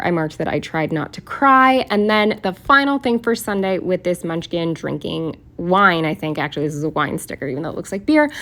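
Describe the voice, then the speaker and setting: A woman talking casually as she walks through her planner week, chatty and candid, wandering off on tangents and giving blunt opinions. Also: lowish voice. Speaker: planner vlogger. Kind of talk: casual chat, voice-over while decorating a planner.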